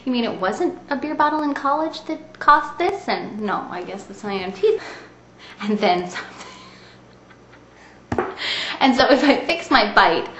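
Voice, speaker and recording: A woman's voice: medium pitch, a bit bright. A woman in her thirties casually telling a rambling story to the camera, chatty and often laughing as she goes. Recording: echoey room with faint hiss.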